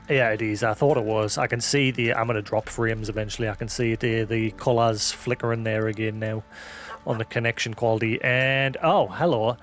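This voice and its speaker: A man's voice: medium pitch, fairly bright tone. A man who hosts a live stream, chatting casually, rambling and self-deprecating, thinking aloud with many restarts. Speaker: livestream host.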